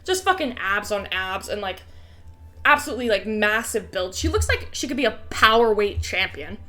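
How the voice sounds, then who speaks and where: A woman's voice: mid-range voice, animated, normal speed, sharp tone. A woman narrating as game master in a casual, swearing, laughing tone.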